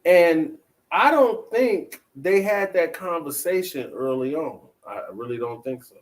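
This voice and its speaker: A man's voice: on the high side, lively intonation, measured pace, poor audio. A man hosting a talk show, chatting casually and putting questions to his listeners. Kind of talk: casual commentary.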